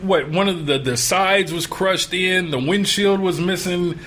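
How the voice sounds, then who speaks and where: A man's voice: sits high, measured pace, a bit bright, slight background noise. Teasing male radio host. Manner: frequent agreeing backchannels, teasing. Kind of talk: casual interview chat.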